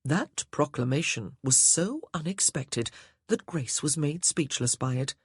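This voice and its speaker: A man narrating a historical romance audiobook in a measured, even storytelling manner. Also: fairly high pitch, breathy edge. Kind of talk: scripted narration.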